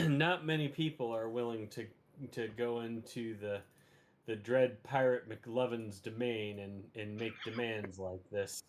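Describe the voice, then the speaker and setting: A man voicing a gruff pirate captain who owns a bar, stern and commanding. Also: medium pitch, steady tone, a little slow, slight background noise, close to an everyday voice.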